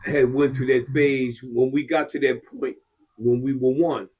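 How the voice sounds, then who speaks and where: A man's voice: medium pitch, steady tone, measured pace, husky, narrow, tinny audio. A man in casual conversation, blunt and profane, speaking in short emphatic bursts.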